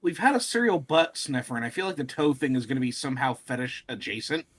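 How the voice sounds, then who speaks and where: A man's voice: medium pitch, expressive, fast talker. A man co-hosting a comedy podcast, making dry, wry remarks in casual chat. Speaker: podcast co-host.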